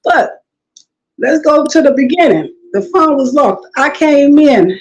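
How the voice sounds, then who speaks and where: A woman's voice: high voice, animated, normal speed, a little mellow, lo-fi sound. A middle-aged woman guest telling stories in a casual talk, acting out the people she quotes and laughing often. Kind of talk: casual storytelling interview.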